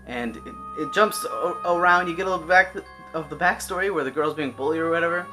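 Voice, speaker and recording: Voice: mid-range voice, brisk, over music. A person giving a casual, rambling, exasperated rant reviewing an anime, full of restarts and swearing.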